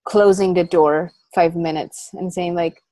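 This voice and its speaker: A woman's voice: lowish voice, steady tone, unhurried, no echo, poor audio. Affirming woman host, dry sound. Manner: warm, affirming, hesitant phrasing. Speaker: interview host. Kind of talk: casual interview chat.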